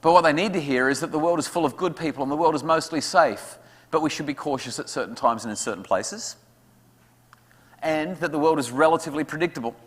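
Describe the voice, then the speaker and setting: A man speaking to parents at an evening talk, lively and acting out what his kids say. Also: fairly high pitch, fast. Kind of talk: talk to an audience with questions. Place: school hall. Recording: hall reverb.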